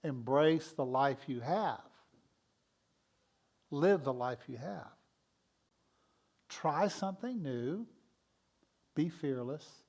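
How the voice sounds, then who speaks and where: A man giving a sermon as minister in a church, speaking in a gentle, encouraging way. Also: on the high side, lively intonation, extremely slow, pauses often. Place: church sanctuary.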